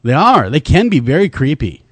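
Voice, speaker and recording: A man's voice: fairly high pitch, normal speed, slightly rough, no echo. A man co-hosting a podcast, joking in casual chat and slipping into voices for his stories. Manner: joking, animated, puts on voices in anecdotes. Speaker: podcast co-host.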